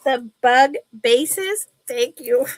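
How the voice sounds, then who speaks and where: A middle-aged woman chatting casually while selling jewelry on a live sale, telling stories in an animated way. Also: sits high, drawn-out words.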